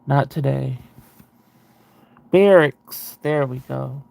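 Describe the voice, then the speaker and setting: A man's voice: fairly high pitch, little pitch movement, unhurried, gravelly, clear, resonant tone. A man hosting a casual video chat, reading viewer comments aloud with a rambling, self-interrupting way of talking and frequent laughs.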